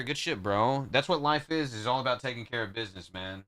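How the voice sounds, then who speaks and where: A man's voice: mid-range voice, lively intonation, fairly quick, fairly bright tone. A man streaming live, trading joking, profane banter with his chat in casual talk.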